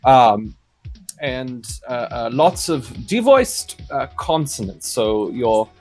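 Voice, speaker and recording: A man chatting as a dialect coach guest, explaining accents in a lively, teacherly way. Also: mid-range voice, soft background music. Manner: animated, teacherly, quick asides. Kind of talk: casual chat explaining accents.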